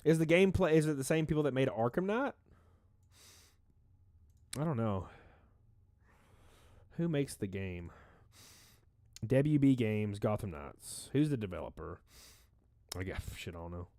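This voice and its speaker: A man's voice: mid-range voice, lively intonation, measured pace, long pauses, dry recording, clean studio sound. A man hosting a casual livestream, rambling and reading out chat names, stuffy-nosed and a little out of breath. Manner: rambling, reads chat names aloud, shouts out donors. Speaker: livestream host.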